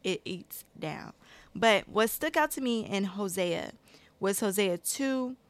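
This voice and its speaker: A woman's voice: medium pitch, slow, no room sound. A woman giving a personal Bible-study talk, speaking with her hands and reading verses aloud with rising emphasis. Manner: animated, reads scripture aloud with rising emphasis; speaks with her hands and addresses viewers as y'all. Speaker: Christian video creator.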